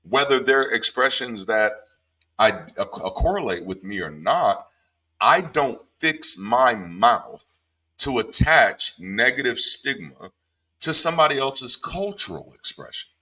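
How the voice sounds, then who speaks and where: A man, a former pastor, giving a casual Bible commentary in an emphatic, animated way, swearing freely and jumping from calm low talk to sharp, high outbursts. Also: measured pace.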